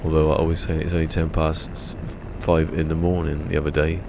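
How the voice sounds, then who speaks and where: A man's voice: a bass voice, flat delivery, a little fast, gravelly. A tired man chatting casually to his live-stream audience while he plays, rambling and talking to himself. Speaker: game streamer. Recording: noisy stream audio.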